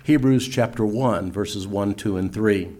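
An older man preaching and teaching, reading scripture slowly and solemnly between folksy asides. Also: fairly low pitch, a little mellow. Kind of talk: sermon-style teaching.

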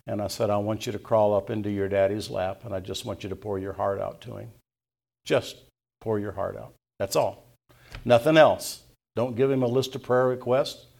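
An older male pastor preaching, his voice gravelly with a lot of fry. He tells a folksy personal story and drops into a softer voice when he quotes the people in it. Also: fairly low pitch. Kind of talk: sermon.

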